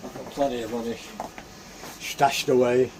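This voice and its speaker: A man's voice: mid-range voice, flat delivery, normal speed. Home cook, male, casual rambling commentary, self-talk, noisy kitchen mic. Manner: chatty, mutters to himself while cooking. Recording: noisy background ambience.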